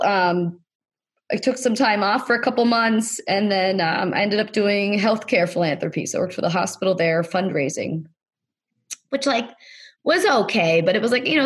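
A woman with a husky, slightly breathy voice at a middling pitch, chatting as a podcast guest. She rambles through her story with constant "like" fillers and slips into quoted voices for the people in it. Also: fairly bright tone. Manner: rambling, heavy use of "like" fillers; acts out other people's lines in quoted voices. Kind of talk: casual storytelling interview.

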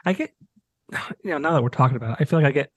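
Husky dude rambling through a story on his podcast, dry close mic. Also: a little high, expressive, racing, no echo, dull audio. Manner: rambling storytelling, many restarts, acts out quotes. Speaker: podcast host. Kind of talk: casual chat.

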